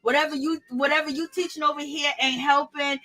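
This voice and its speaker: A woman's voice: sits high, fast. A woman host reviewing reality TV in casual, gossipy commentary, laughing often and greeting viewers in her chat. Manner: animated, gossipy, laughs often, African American Vernacular phrasing.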